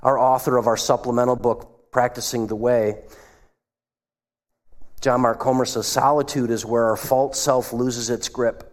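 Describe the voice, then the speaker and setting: Guy giving a sermon, mid-pitch voice, long echo off the church walls. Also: little pitch movement, measured pace. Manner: acts out quoted voices, drops to a hush for asides. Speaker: pastor. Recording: long hall reverb.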